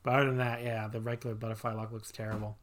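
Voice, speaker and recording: A man's voice: on the low side, little pitch movement, rapid-fire. Blunt, opinionated man on a podcast. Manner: blunt, opinionated, swears freely. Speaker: podcast co-host. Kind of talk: casual podcast chat reviewing wrestling matches.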